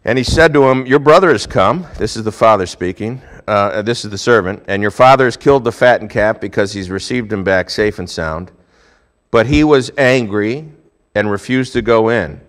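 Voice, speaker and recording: A male pastor preaching a sermon, telling a Bible story with lively swings between hushed and loud delivery. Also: fairly low pitch, normal speed.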